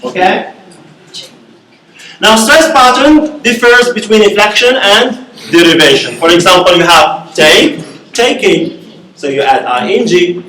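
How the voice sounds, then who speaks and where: A man's voice: high voice, animated, slow pace, sharp tone. A male university lecturer teaching a class, repeating key words and checking in with "okay?" often. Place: echoey classroom. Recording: echoey room from far off.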